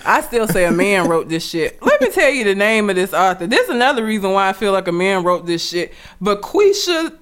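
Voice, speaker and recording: A woman's voice: mid-range voice, very animated, brisk, hardly any pauses. A young woman chatting casually on a podcast, ranting and laughing, swearing freely. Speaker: podcast co-host. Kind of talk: casual chat.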